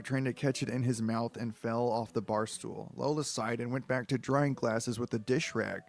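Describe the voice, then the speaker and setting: A man's voice: medium pitch, darkish tone. A man with a head cold reading a book aloud, breaking off into crude, bewildered, self-mocking asides. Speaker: book reader. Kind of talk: comedic reading with rambling asides.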